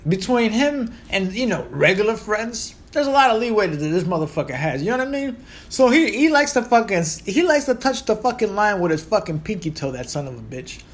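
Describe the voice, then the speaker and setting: This Puerto Rican man in his thirties has a high-sitting voice with big pitch swings and a fairly quick pace. Hosting his podcast in a Puerto Rican accent, he rambles through a casual monologue full of jokes and profanity.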